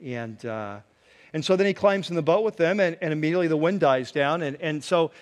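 Man, pastor, sermon, high voice, animated storyteller, long hall reverb. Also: a little fast. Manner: animated storytelling with laughs and acted-out shouts.

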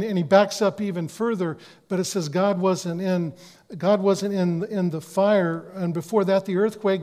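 A pastor preaches a sermon earnestly, his voice sitting high. He often restarts phrases and drops to a hush whenever he quotes words.

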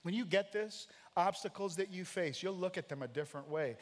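A high-pitched American man preaches with emphatic, dramatic delivery, acting out the lines of the figures in his stories. His voice rings with long reverb through a church sanctuary. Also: a little fast. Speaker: pastor. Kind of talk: sermon.

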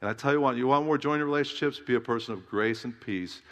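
A man's voice: medium pitch, quick pace, fairly bright tone. Emphatic male preacher in a reverberant hall. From Southern California. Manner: emphatic preaching, rhetorical questions to the congregation. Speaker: pastor. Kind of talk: sermon. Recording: long reverb of a large hall.

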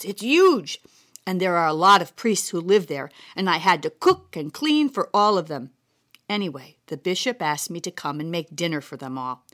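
A proud, no-nonsense grandmother, put on by a woman narrator shares old memories in a chatty, fond way. Her voice swings up and down through a lively range. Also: lowish voice. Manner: fond, chatty storytelling with exclamations. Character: older grandmother, retired cook, plainspoken and proud.

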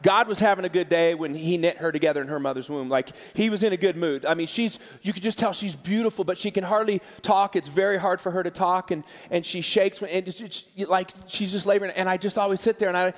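A man preaching a sermon as pastor, telling stories in an animated way and laughing often. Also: high voice, fast, few pauses. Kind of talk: sermon storytelling. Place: church auditorium. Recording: large hall with live audience.

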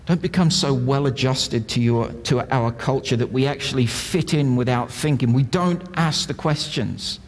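A man's voice: medium pitch, normal speed, few pauses, long reverb tail. A man preaching a sermon in a conversational, self-deprecating way, telling funny stories before turning to scripture. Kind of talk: sermon with humorous anecdotes.

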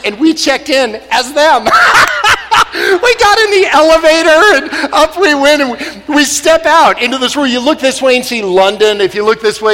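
High, bright-voiced man telling funny stories. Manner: animated, laughing often, exclamatory. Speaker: speaker. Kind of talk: comic storytelling talk. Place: stage in a large hall. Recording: long hall reverb.

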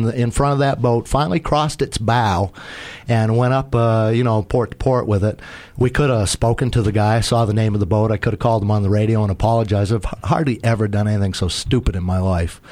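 Male, casual storyteller, rambling and self-deprecating, talks about boats. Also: mid-range voice. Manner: rambling, self-mocking, acts out quoted shouts. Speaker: sailor telling a sea story.

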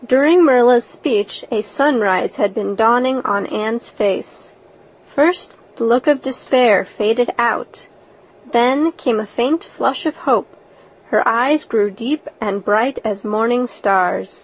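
A woman reading a story aloud as narrator, in a steady, even storytelling manner. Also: a little high, takes it slowly. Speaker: audiobook narrator. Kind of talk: scripted narration. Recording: dull lo-fi recording.

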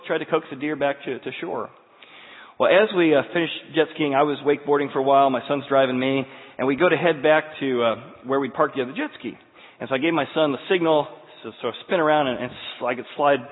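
A man preaching to his congregation, slightly high-pitched and very expressive, swinging his voice up and down as he acts out a story. The sound carries a long hall reverb and a narrow, phone-like tone. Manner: animated storyteller acting out scenes. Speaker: pastor. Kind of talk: sermon with storytelling.

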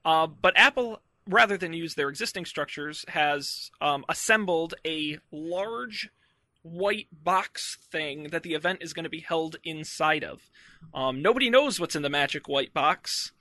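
Male podcast host, bright and forceful tone, dry close-mic sound, jokey and upbeat. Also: a little high, lively intonation, unhurried, no echo. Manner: upbeat, jokey, filler-heavy. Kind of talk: casual tech podcast chat.

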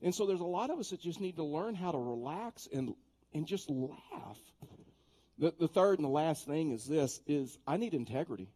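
A man's voice: fairly high pitch, expressive, moderate pace, mellow. A man preaching a sermon in a conversational way, telling stories and often repeating words as he starts a sentence. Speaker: pastor. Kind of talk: sermon with storytelling.

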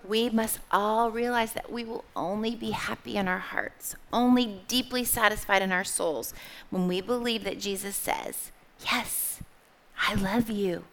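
A woman's voice: mid-range voice, normal speed. A woman giving a sermon to young listeners, asking them questions and having them repeat words back. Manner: expressive, asks the audience questions and has them repeat words. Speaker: children's Bible teacher.

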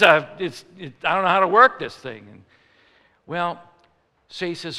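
A man from Chicago preaching a sermon, telling a comic story in an animated way that rises into mock outrage. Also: high-pitched, normal speed, long pauses, long reverb tail.

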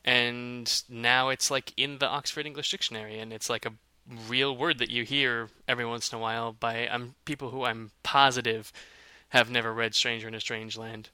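Male podcast co-host, bright tone, chatty and halting, dry booth sound. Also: medium pitch, steady tone, clean tone, no room sound. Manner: chatty, hesitant, many fillers and restarts. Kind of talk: casual chat.

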